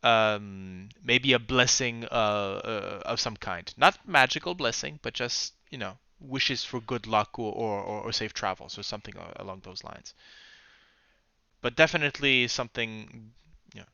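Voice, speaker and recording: A man's voice: on the low side, unhurried, creaky, pushed and bright, clear, resonant tone, no echo, lo-fi sound. A man narrating as game master of a tabletop game, hesitant and often searching for words.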